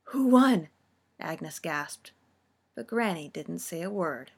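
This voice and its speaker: A woman narrating a story with a steady, expressive reading. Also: deep voice, takes it slowly, creaky, slightly rough.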